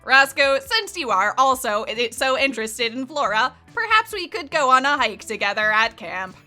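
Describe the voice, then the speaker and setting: A woman's voice: high voice, big pitch swings, moderate pace, bright, forceful tone, soft background music, heavily acted. A woman reading as a prim nature-loving computer. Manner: stiff, overly formal reading.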